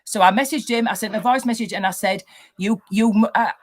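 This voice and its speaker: A woman's voice: medium pitch, a little fast. A woman hosting a livestream chat, ranting angrily with lots of swearing and restarts. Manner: angry, swearing, rambling rant. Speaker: livestream host.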